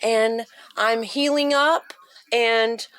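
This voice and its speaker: A woman's voice: on the high side, steady tone, very slow, a bit bright, smooth, voice pushed up. A woman mimicking a falsely cheerful woman who insists she is never angry. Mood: mock-sweet. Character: sugary falsely cheerful woman denying anger. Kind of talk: mocking impression.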